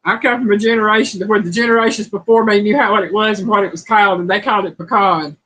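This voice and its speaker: A woman's voice: medium pitch, fairly even intonation, racing, a bit bright, low-quality recording. A woman hosting a home cooking livestream, chatting casually and reading viewer comments aloud. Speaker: cooking channel host.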